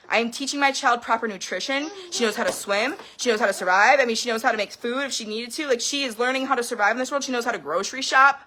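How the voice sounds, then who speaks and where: A woman's voice: fairly high pitch, fast, few pauses, pushed and bright, slight background noise. A woman in her thirties ranting to camera in a heated personal vlog, swearing freely and veering between laughter and tears. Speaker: vlogger. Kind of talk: emotional personal rant to camera.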